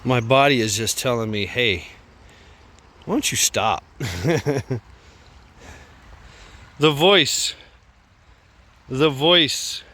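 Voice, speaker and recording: Out of breath, a man records a phone vlog while walking outdoors beside a creek, rambling casually and chuckling at himself. His voice is mid-range with a sharp tone.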